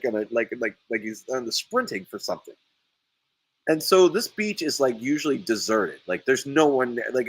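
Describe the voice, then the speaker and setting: Animated man telling a story on a podcast. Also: medium pitch, husky, low-quality recording. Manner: animated storyteller, voices quotes loudly, laughs often. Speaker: sea moss farmer and podcast host. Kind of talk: casual storytelling chat.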